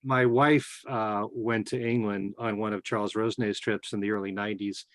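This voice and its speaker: A man's voice: lowish voice, fairly even intonation, moderate pace, no room sound. Easygoing man sharing an anecdote. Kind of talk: casual chat.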